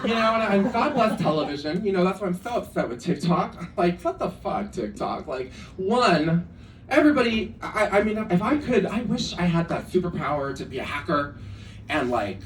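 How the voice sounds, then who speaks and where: Campy male stand-up comic, lively voice. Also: high voice, normal speed. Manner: campy, self-deprecating, chatty with lots of asides. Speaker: stand-up comedian. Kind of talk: stand-up comedy set. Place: comedy club stage. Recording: echoey club room, distant mic, audience noise. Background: audience laughter.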